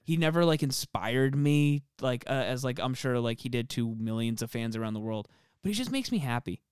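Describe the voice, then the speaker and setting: A man's voice: medium pitch, expressive, brisk, darkish tone, clear, resonant tone, no echo, studio quality. A young man co-hosting a podcast, rambling in casual chat with many fillers and frequent swearing. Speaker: podcast co-host.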